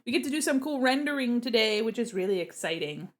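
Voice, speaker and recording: A woman's voice: fairly high pitch, lively intonation, quick pace. Giggly young woman chatting with mouth full. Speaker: art streamer. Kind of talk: casual stream chat. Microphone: mic set away from her face.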